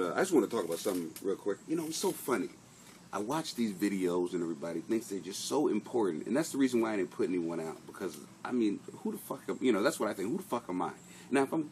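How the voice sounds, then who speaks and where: A man's voice: fairly low pitch, a little hiss or hum. A man who is a comedian, chatting casually to viewers on a live stream, rambling, swearing and laughing through his stories. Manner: rambling, profane, laughing storyteller.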